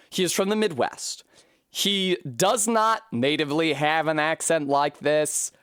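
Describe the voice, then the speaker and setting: A woman streaming a video game, talking casually and profanely, rambling between tangents and breaking into high yelps and shrieks when things go wrong. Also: dry recording, clean studio sound. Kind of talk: casual live-stream commentary while gaming.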